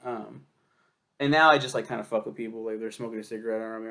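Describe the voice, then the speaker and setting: A man's voice: on the low side, flat delivery, a little fast, heavy background noise. A young man telling a rambling, profane story in a casual vlog, laughing often. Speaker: book reviewer.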